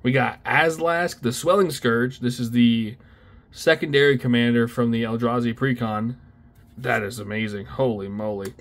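A young man casually talking through a card unboxing, excitable and slangy, often exclaiming at what he pulls. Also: medium pitch, normal speed. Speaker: card opening video host.

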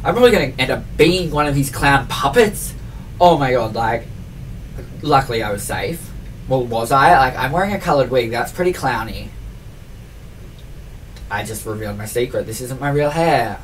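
A man's voice: mid-range voice, expressive, moderate pace, long pauses, far from the mic, slight background noise, poor audio. A man in his twenties ranting in a chatty vlog, rambling with constant fillers and mocking himself. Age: 20s. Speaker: vlogger.

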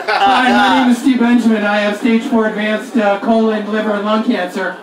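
A male stand-up comedian in his forties, profane and self-mocking, rambling through his set at a very high pitch. He is picked up from far off in an echoey room. A lively crowd laughs behind him. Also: normal speed, very noisy. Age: 40s. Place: comedy club stage. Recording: echoey club heard from far off, audience. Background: audience laughter.

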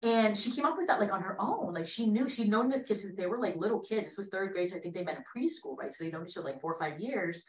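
A woman's voice: mid-range voice, animated, quick pace, hardly any pauses. Woman in her late thirties, far from the mic. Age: late 30s. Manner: conversational, tags sentences with "right?". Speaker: panelist in a dialogue gathering. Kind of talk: personal storytelling in a panel conversation. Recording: roomy, from a distance to the mic.

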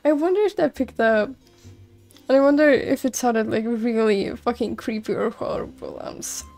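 A woman's voice: on the high side, normal speed, gravelly, darkish tone, soft background music. A young woman commenting casually while playing a game, giggly and self-mocking, swearing now and then. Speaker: gameplay streamer. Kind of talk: let's play commentary.

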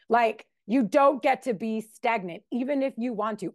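A woman's voice: medium pitch, expressive, normal speed, hardly any pauses, darkish tone, dry recording, clean studio sound. A woman in her forties giving a candid, emotional personal recovery testimony at a meeting. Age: 40s. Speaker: member sharing at a recovery meeting.

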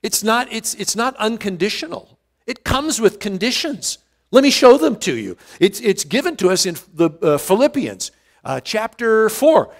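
A man's voice: sits high, very animated, normal speed, big-room sound. A male pastor teaching a verse-by-verse Bible study in an earnest way, often restarting words and stressing key phrases.

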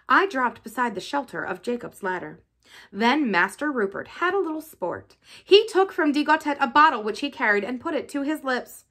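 A woman reading a novel aloud in an expressive, lively style. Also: sits high. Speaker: reader.

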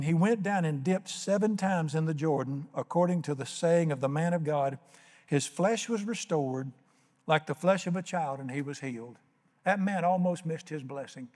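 A man's voice: a little high, darkish tone. Folksy preacher man in a reverberant sanctuary. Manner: folksy storytelling, acts out biblical characters in casual Southern-style speech. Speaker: pastor. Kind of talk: sermon. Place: church sanctuary.

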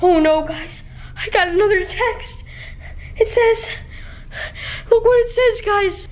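A woman's voice: very high voice, slow, a little hiss or hum. A woman hosting a staged scary vlog, talking to her viewers in a panicky, breathless way and calling out to them again and again. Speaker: reaction channel host.

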